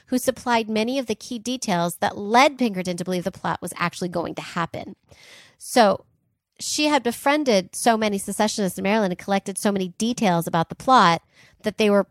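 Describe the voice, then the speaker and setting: A woman's voice: mid-range voice, no room sound. Chatty woman telling history. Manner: chatty, jokey, fillers and asides. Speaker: podcast co-host. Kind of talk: casual storytelling chat.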